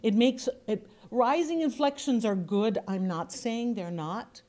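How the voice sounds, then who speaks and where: Woman from the US, workshop instructor; conversational and demonstrative, plays with pace and pitch to make points. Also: unhurried, dark tone. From United States. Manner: chatty, demonstrative, shifts pace and inflection to illustrate points. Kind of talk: workshop lecture to a group.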